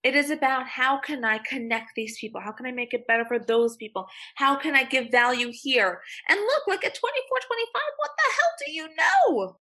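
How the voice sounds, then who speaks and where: Young woman attorney guest, forthright and salty-mouthed, raised voice with a raspy edge. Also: sits high, animated, a little fast, few pauses, bright, forceful tone. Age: young adult. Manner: blunt, emphatic, swears freely. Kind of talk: podcast interview.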